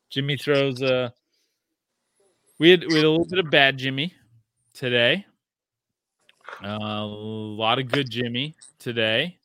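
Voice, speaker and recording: A man's voice: medium pitch, clear, resonant tone, dry recording, studio quality. A man in his thirties co-hosting a casual sports podcast, swearing freely and acting out stories with other people's voices. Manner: profane, animated storyteller, mimics others. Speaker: podcast co-host.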